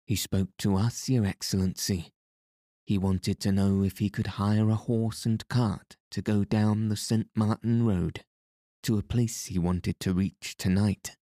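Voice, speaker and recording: Man plays grubby old storybook trader; rasping lisp, obsequious, dark dry voice. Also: lowish voice, fairly even intonation, measured pace, no room sound, lightly acted. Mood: wheedling. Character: elderly grimy male trader, humble and wheedling.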